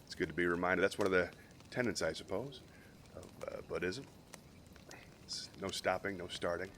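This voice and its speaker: A man hosting a live stream show, chatting casually in a relaxed, rambling way full of "uh" fillers. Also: low voice, normal speed, slight background noise.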